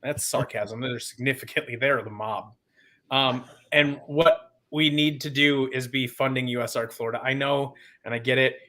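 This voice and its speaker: A man's voice: mid-range voice, fairly even intonation, normal speed, sharp tone. A man on a podcast as a guest, talking in an impassioned, rambling and sarcastic way. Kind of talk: casual podcast chat.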